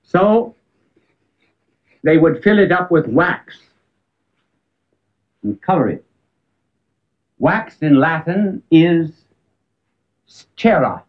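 A man giving a talk on public speaking, telling an anecdote with emphatic rises and sudden quiet drops. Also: fairly high pitch, sing-song, very slow, pauses often. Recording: tinny phone-like band, old archive recording.

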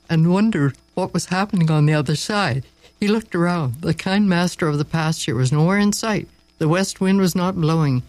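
A man narrating a story aloud, expressive and dramatic, with slow pauses for effect. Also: on the high side, no room sound, poor audio.

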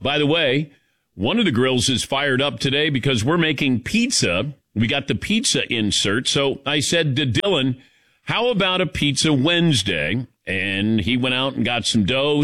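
A man's voice: mid-range voice, pushed and bright, no room sound. An older man hosting a sports talk show. He talks in a loose, conversational way, moving from game talk into sponsor reads. The sound is dry and close. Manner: conversational, easygoing, reads ad copy between chat. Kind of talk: casual sports radio talk.

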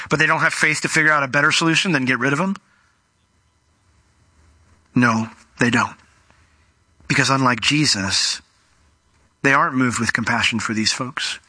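A man preaching a sermon in a conversational, animated way, acting out scenes as he teaches. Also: medium pitch, no room sound. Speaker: pastor.

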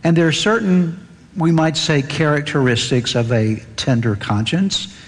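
A man preaching an earnest sermon as pastor, lifting his voice when he reads scripture aloud. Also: measured pace. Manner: earnest, rises in pitch reading scripture aloud. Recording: long hall reverb.

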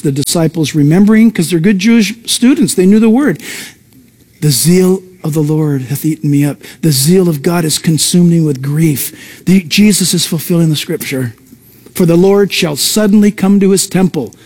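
A male pastor preaching a sermon with emphatic pitch jumps, breaking into conversational asides to the congregation. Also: darkish tone.

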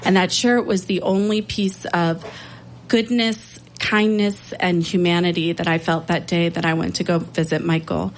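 A woman's voice: on the low side, steady tone, slight background noise, poor audio. Woman telling an earnest true story. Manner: earnest, unhurried, emotional. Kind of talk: live storytelling.

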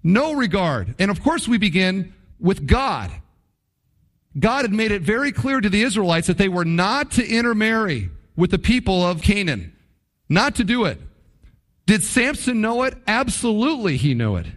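A man with a high-pitched voice preaches to his congregation. He leans on key words, drawing some out slowly and rushing through asides, and poses rhetorical questions to his listeners. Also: sing-song, fairly bright tone. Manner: emphatic, swings between low drawn-out stresses and quick asides. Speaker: pastor. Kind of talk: sermon.

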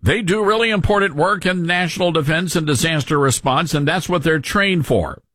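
A man's voice: a little high, normal speed, a bit bright, dry recording. A man hosting a radio talk show, delivering commentary with sarcastic, mocking asides from a studio.

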